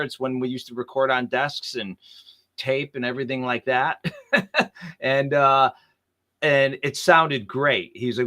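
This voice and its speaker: A man hosting a live guitar talk stream, telling a studio story in a lively way and acting out the quoted dialogue. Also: medium pitch. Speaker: show host. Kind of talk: casual chat.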